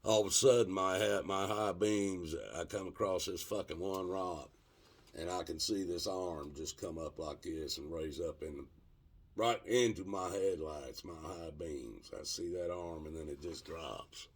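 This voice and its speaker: A man telling a rough, profane story in casual spoken style, drawing out the dramatic moments. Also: sits low. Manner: profane, colloquial, drawn-out dramatic retelling.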